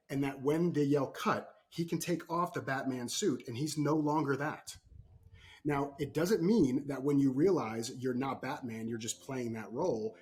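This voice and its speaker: Brief: mid-pitched male coach, animated storyteller, podcast guest. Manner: animated storytelling, frequent "right?" tags. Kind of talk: podcast interview.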